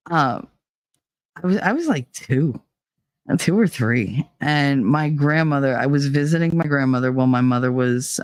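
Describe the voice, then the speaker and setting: A middle-aged woman hosts a casual solo podcast talk show, blunt and opinionated, swearing freely and laughing a lot. Her voice is low, with no echo.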